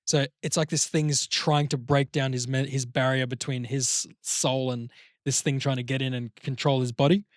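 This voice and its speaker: A man in casual podcast chat, rambling and swearing as he tells a story, slipping into little acted voices along the way. His voice sits at a middling pitch. It is recorded close and dry. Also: little pitch movement, moderate pace, no room sound. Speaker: podcast co-host.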